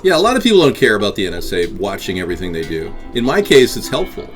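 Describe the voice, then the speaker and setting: Male live-stream host, lowish voice, rambling and combative, faint music underneath. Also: huge pitch swings, fast. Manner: rambling, combative toward chat.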